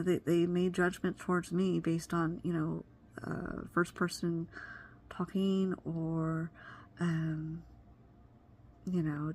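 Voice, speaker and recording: A woman with a low-pitched voice records an earnest, reflective personal vlog, offering advice. She wanders and sometimes loses her train of thought mid-sentence. There's a little hiss or hum on the recording.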